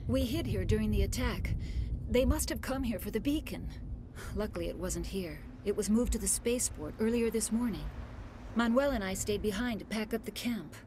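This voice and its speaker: Actress as a shaken video game scientist, earnest, mid-pitch voice, faint hiss. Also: female voice, moderate pace, lightly acted. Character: shaken female scientist, survivor of an attack.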